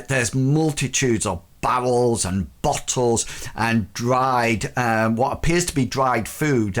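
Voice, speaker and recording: A man narrating as game master, rambling and halting with many ums and fillers. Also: mid-range voice.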